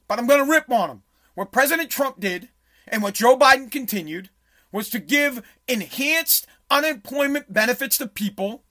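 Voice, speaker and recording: A man's voice: very high voice, sharp tone. Blunt, swearing man ranting. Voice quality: blunt, sarcastic, swears freely. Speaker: commentator, small business owner. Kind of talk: profane political rant over video clips.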